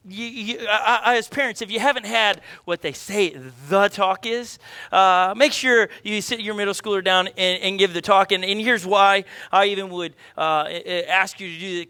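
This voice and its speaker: Man, pastor preaching, high voice, bright tone, lively, restless delivery full of restarts. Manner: energetic, restless, with many restarts and quoted asides. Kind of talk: sermon.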